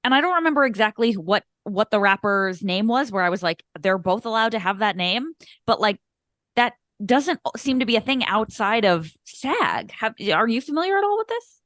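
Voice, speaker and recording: A woman co-hosting a casual podcast, rambling and laughing as she talks. Her pitch swings widely from phrase to phrase. The sound is dry and close, with no room echo. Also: big pitch swings, moderate pace, fairly bright tone. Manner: chatty, rambling, laughs often. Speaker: podcast co-host. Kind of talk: casual chat.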